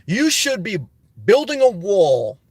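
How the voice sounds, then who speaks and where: A man with a notably high voice talks to his livestream audience in a motivational, preachy style. He hammers his points home by repeating them and addressing listeners directly. The sound is close and dry. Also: wildly swooping pitch, slow, husky, no echo. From New Jersey. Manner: preachy, emphatic, repetitive exhortation. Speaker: livestream host.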